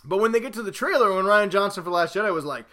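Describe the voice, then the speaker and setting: A man hosting a podcast, chatting casually and telling stories with rising excitement and rambling asides. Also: high voice, rapid-fire. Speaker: podcast host.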